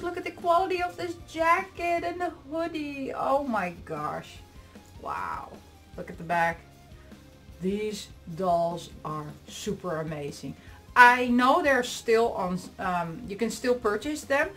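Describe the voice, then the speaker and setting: A woman's voice: medium pitch, expressive, slow pace, a bit bright, soft background music. A woman vlogger unboxing and reviewing dolls in casual chat, gushing, squealing and giggling over every item.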